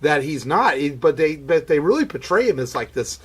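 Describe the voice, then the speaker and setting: A man's voice: a little high, big pitch swings, fairly quick, slightly rough. A man co-hosting a casual podcast, explaining film background thoughtfully with small restarts. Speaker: podcast co-host. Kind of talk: casual movie discussion.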